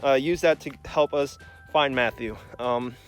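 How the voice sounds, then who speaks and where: A man's voice: mid-range voice, unhurried, soft background music. A young man hosting a comedy podcast intro, out of breath, rambling in mock worry. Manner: mock-worried, rambling, calling out loudly. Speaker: podcast host.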